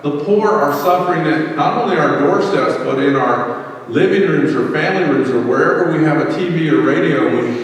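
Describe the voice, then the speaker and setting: A man's voice: a little high, slight background noise. Pastor guy preaching, lots of questions, big echoey church, long reverb. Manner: preaching with rising fervor, rhetorical questions. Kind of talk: sermon. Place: church sanctuary. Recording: echoey church hall from far off.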